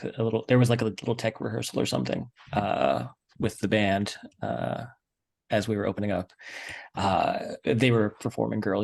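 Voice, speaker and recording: A man's voice: lowish voice, vocal fry. A man playing a tabletop game, describing his character hesitantly with lots of fillers. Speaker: player.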